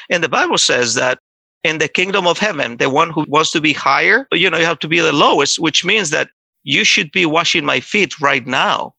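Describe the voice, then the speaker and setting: A man telling his own story in a halting, conversational way, acting out what others said. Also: fairly high pitch, gravelly, pushed and bright, no echo. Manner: halting, restarts, acts out quoted voices. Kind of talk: personal testimony, casual storytelling.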